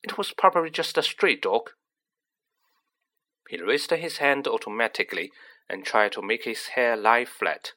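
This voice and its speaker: A man narrating a story with expressive storytelling. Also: medium pitch, unhurried, pauses often. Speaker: audiobook narrator. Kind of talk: scripted narration.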